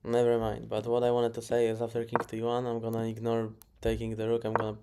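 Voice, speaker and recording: A man's voice: medium pitch, completely flat delivery, fast talker. A man casually reviewing his own chess games, muttering moves, correcting himself and chuckling along the way. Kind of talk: casual game review commentary. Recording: clear background noise.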